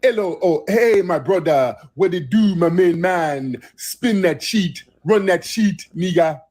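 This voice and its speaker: A man's voice: high-pitched, animated, measured pace, a little mellow, voice pushed up. A man voicing a pushy, overly friendly male street hustler who calls out to passersby, on a casual livestream. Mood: wheedling.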